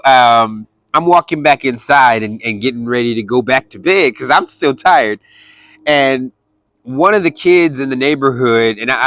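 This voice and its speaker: A man's voice: medium pitch, fairly bright tone. A man with an ordinary mid-range voice tells a long story in an easy, rambling way. He often circles back and repeats his phrases. The sound is dry and close, with no room echo. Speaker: dog kennel owner. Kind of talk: casual storytelling.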